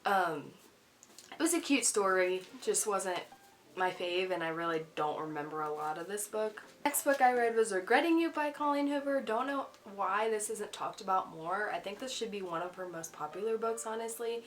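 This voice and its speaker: A woman talking casually about books she has read, candid and chatty, with fillers like "um" and "like". Her voice sits at a middle pitch. Soft music plays faintly underneath. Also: moderate pace. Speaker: book vlogger. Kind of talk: casual book review chat.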